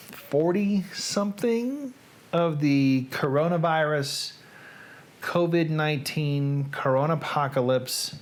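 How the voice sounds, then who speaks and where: A man with a Southern US accent hosting a live reading stream, chatting casually and rambling with small self-corrections. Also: on the high side. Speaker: host of a live reading show.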